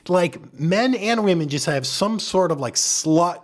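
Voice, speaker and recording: A man co-hosting a podcast, telling a crude story in a casual, animated way, acting out the quotes. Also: sits high, unhurried. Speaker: podcast co-host.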